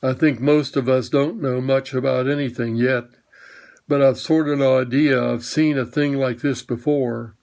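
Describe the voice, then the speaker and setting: A man voicing a gentle talking horse who speaks slowly and thoughtfully, as if half remembering a dream. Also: mid-range voice, close to an everyday voice. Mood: musing. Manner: slow, thoughtful, muddled. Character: slow, gentle old cab horse.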